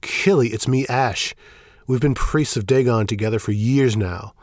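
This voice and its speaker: A man voicing a pleading male priest who calls out loudly to a friend, with a gravelly voice. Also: on the low side, very animated, a little slow, no echo, studio quality, full character voice. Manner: loud, pleading.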